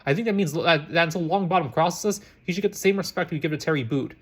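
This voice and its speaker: A man voicing an earnest, hot-tempered eleven-year-old boy who argues insistently, reading fast. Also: fairly high pitch, a bit bright, slightly rough. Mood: outraged. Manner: outraged, insistent.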